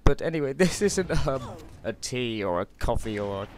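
A man's voice: mid-range voice, animated, normal speed, darkish tone, slight background noise. A British man giving casual gameplay commentary, chatty and joking with many hesitations. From Britain. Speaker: gaming commentator. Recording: clear gunfire from game audio behind. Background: game gunfire and explosions.

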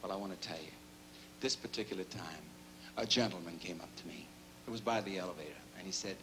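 A man's voice: low-pitched, fast. A male singer joking with his audience between songs, cheeky and self-mocking, a bit tired and catching his breath, in a large showroom. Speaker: singer doing stage banter. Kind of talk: live stage patter with jokes. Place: large casino showroom stage. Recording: noisy live concert recording.

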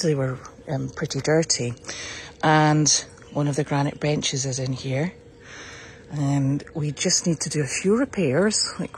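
Woman, sanctuary keeper, chatty and upbeat, walking outdoors with a phone, a faint hiss behind her. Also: low voice. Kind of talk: casual walk-around vlog. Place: outdoors on a farm, walking the paddocks.

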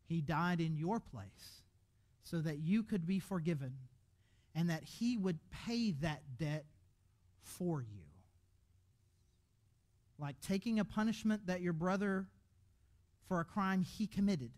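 High-pitched guy pastor preaching in church, animated, keeps restarting sentences. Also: takes it slowly, pauses often. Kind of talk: sermon. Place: church auditorium.

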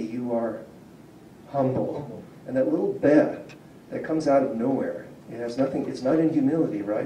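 A man's voice: mid-range voice, dark tone, slight background noise. A man giving a public linguistics lecture to a community audience, explaining patiently and asking the room questions. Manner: explanatory, asks the audience questions, chuckles often. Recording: roomy hall picked up from a distance.

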